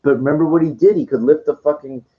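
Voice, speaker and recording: A man's voice: a little high, fast. A tired, sugar-hyped man rambling in a casual monologue, full of stuttering restarts and swearing, on a dull lo-fi recording. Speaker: channel host.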